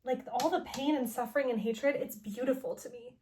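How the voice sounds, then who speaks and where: A woman's voice: high voice, brisk, warm tone, a little hiss or hum, close to an everyday voice. Woman paraphrasing a taunting villain. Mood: mocking. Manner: casual paraphrase full of "like". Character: taunting male mad-scientist villain.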